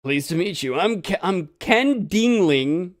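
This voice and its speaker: A man voicing a male former circus acrobat who now uses a wheelchair, speaking slowly and deliberately, as a video game voice-over reading. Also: sits high, animated, voice pushed up. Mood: calm.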